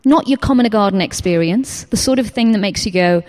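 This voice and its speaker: A teacher from England gives an informal church talk, her medium-pitched voice brisk. She fills the sermon with animated personal stories, acting out quotes and sometimes dropping to a whisper.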